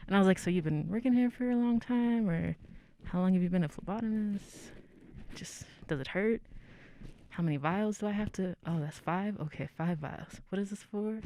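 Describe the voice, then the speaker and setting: A woman's voice: medium pitch, moderate pace, slight background noise. A young woman hosting a poetry open mic, chatting in a casual, self-deprecating way. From United States. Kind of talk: casual chat.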